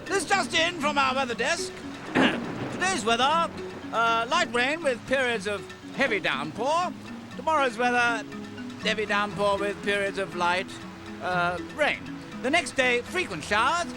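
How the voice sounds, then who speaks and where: A man voicing an excitable male TV weatherman, doing a fussy comic forecast in a documentary for kids over background music. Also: very high-pitched, unhurried, pitched above the performer's own voice. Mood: flustered. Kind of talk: comic weather report bit. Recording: music playing underneath.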